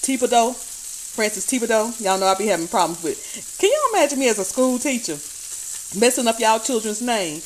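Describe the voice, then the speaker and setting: A woman's voice: a little high, moderate pace, a little hiss or hum, rough recording. A woman hosting a casual talk stream, commenting in a chatty, folksy way with frequent laughs and trailing fillers while she cooks in her kitchen. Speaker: host commenting on church videos. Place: home kitchen while cooking. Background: faint frying and sizzling.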